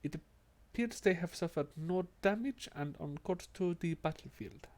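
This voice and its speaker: A man voicing a catlike alien starship lieutenant with a deliberately bad Russian accent, giving a formal, careful report. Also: a little high, a little mellow, natural voice.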